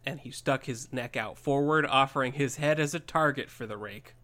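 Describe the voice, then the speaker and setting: A man reading a story aloud on a podcast in a matter-of-fact way. His voice is bright and forceful at an ordinary pitch. He moves steadily through the narration. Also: normal speed. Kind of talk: story reading with casual chat.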